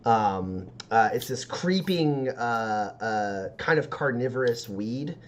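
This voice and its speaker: Male game master, mid-pitched, loose, rambling scene narration. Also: lively intonation, slow pace, slight background noise. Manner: rambling, filler-heavy description.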